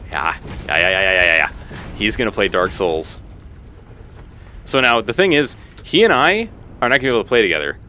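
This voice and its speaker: A man's voice: lowish voice, brisk, long pauses, slight background noise. A man in his thirties streaming a game live, joking and swearing freely as he chats with his viewers. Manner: animated, joking, swears freely, talks to chat. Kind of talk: casual live-stream chat while gaming.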